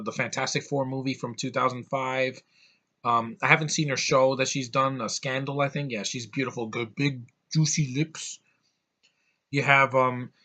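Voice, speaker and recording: A man's voice: mid-range voice, sharp tone. Blunt, swearing man reviewing a film. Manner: blunt, rambling, swears often, many restarts. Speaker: movie reviewer.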